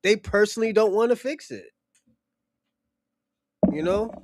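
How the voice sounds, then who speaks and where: A man's voice: sits high, unhurried, a little mellow, no room sound, clean studio sound. A young man talking bluntly and heatedly in a casual podcast discussion, swearing and repeating his points. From United States. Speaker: podcast host.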